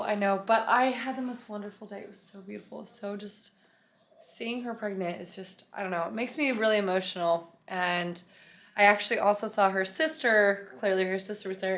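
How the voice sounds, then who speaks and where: A woman's voice: medium pitch, fairly bright tone. Young woman vlogger, casual and rambling, mid-range voice. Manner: chatty, rambling, heavy use of "like". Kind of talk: casual vlog chat to camera.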